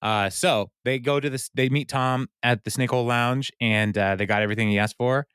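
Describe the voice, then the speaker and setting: A podcast co-host casually recaps an episode, animatedly performing the characters' lines. His mid-range voice is steady, a little fast and fairly bright with a clean tone, recorded dry with clean studio sound.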